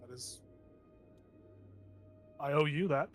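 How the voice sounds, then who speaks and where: A man voicing a powerful female spellcaster who binds people by contract, speaking in a measured, formal and faintly menacing way. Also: a little high, soft background music.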